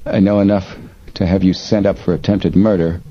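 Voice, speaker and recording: A man voicing a captive male detective who speaks in a weak, faint but steady and firm voice. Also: sits low, a little fast, breathy edge. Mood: defiant. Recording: dull lo-fi recording, faint hiss.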